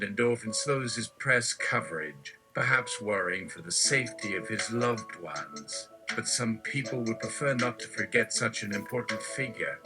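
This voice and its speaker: A man's voice: on the low side, low-quality recording. A man hosting a live show, reading an absurd story aloud with wry asides. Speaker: storyteller host. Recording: music playing behind.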